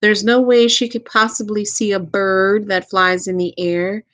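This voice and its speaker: A woman with a Southern US accent giving a live tarot reading as a medium, gentle and unhurried, repeating her phrases and laughing softly now and then. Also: medium pitch, level tone.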